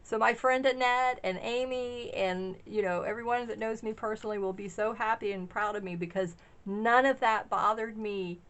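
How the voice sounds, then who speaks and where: A middle-aged woman chatting casually in a vlog, gushing and rambling excitedly as she shows off vintage craft finds. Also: fairly high pitch, moderate pace, hardly any pauses. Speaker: craft shop owner sharing a haul.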